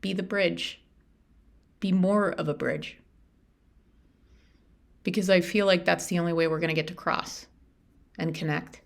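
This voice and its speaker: A woman's voice: lowish voice, fairly even intonation, measured pace, creaky, long pauses. A middle-aged woman life coach hosting a solo podcast, talking in an earnest, heartfelt way with lots of repetition. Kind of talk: reflective solo podcast talk.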